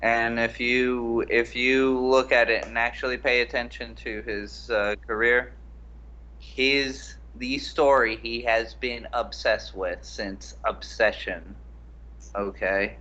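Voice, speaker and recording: Slow-talking, bright-toned male co-host making a deliberate case, slightly dull audio. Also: mid-range voice, fairly even intonation. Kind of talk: casual film breakdown chat.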